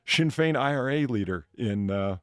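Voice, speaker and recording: A man's voice: mid-range voice, animated, moderate pace, a bit bright, slight background noise. A man from the United States hosting a live stream, chatting casually in a rambling, profane way that is full of restarts. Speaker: streamer and bartender host.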